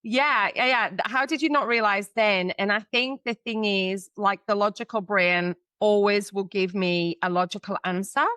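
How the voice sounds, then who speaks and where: A woman in her thirties with a smooth, resonant voice tells a personal story as a podcast guest. She talks candidly and chattily, full of fillers. The sound is close and dry. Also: mid-range voice, steady tone, moderate pace, few pauses, a bit bright, no echo. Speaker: guest, psychic medium and mentor.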